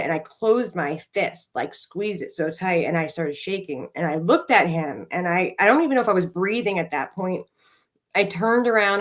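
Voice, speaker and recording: A middle-aged woman co-hosting a podcast, telling a candid, emotional recovery story with plenty of swearing and filler words. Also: fairly low pitch. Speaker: podcast co-host.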